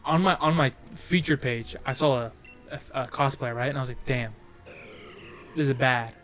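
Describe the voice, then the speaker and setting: A man's voice: mid-range voice, a little fast, a bit bright, soft background music. A young man co-hosting a casual podcast, rambling and swearing through stories with frequent laughs. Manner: profane, rambling, laughing storyteller. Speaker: podcast co-host.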